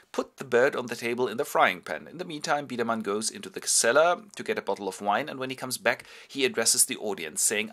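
Animated, bright-voiced male storyteller. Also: lowish voice, a little fast. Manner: animated, ironic, chatty narration. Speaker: host. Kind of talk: wry theatrical storytelling summary.

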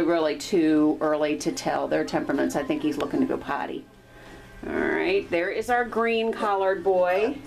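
A woman breeder talking casually while filming her puppies one-handed indoors, now and then cooing at them in a high baby-talk voice. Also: darkish tone, rough recording. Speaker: dog breeder. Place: indoors at a puppy litter area. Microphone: handheld camera, filming one-handed.

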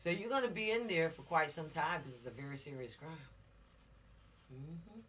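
Recorded from a distance, a policewoman with a deep, expressive, slightly bright voice speaks at a moderate pace as she gives teens a lesson on the law. Her delivery is dramatic, full of rhetorical questions and acted-out scenes.

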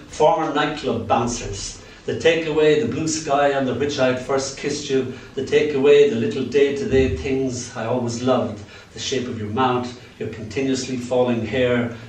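Older Irish poet in an echoey hall. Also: male voice, medium pitch, a little hiss or hum. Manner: playful, lilting, sudden swings in loudness. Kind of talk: live poetry reading. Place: event venue. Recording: echoey room from far off, faint ambience.

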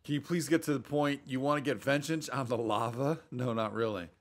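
A man's voice: mid-range voice, steady tone, a little fast. A man playing a video game and commenting casually, rambling and hesitating as he talks. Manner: rambling, hesitant, chatty asides. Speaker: gaming YouTuber. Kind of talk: let's play commentary.

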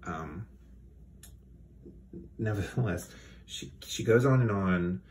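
A man's voice: on the low side, takes it slowly, a little mellow, a little hiss or hum. A man hosting a comedy show, reading a children's book aloud with dry, sardonic asides.

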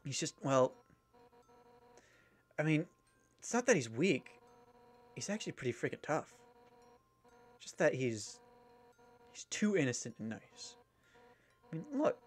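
A man's voice: on the high side, sing-song, unhurried, long pauses. A man voicing a brash, fierce female fish warrior captain in a video game, with blunt, boastful delivery over faint game music. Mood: wistful. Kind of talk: reading game dialogue aloud.

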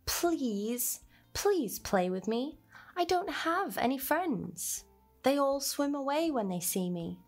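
A woman's voice: sits high, sing-song, slow pace, faint music behind, pitched above the performer's own voice, heavily acted. A woman reading aloud and voicing a playful, lonely young male shark who is eager for friends. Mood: pleading.

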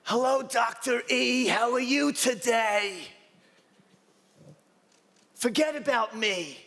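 A man on stage putting on the voice of a blunt, feisty eighty-year-old woman patient, raised high and scolding. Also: takes it slowly, creaky, fairly bright tone, exaggerated voice. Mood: cheerful.

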